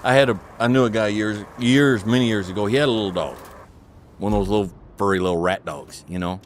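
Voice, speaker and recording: A man's voice: fairly low pitch, quick pace, a little hiss or hum. A middle-aged man speaking as an interview guest, talking in an earnest and preachy way, repeating his points and asking "okay?".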